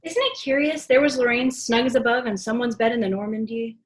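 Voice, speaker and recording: A woman's voice: on the high side, fairly even intonation, brisk, close to an everyday voice. A young woman playing a wry, patient secretary in a school play over a video call, with dry delivery. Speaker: student actor.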